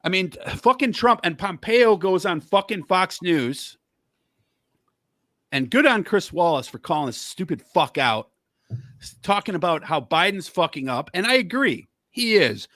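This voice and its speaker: A man's voice: sits high, expressive, measured pace, a bit bright, dry recording, clean studio sound. Furious swearing man ranting. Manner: angry, heavy swearing, worked up. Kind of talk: profane political rant.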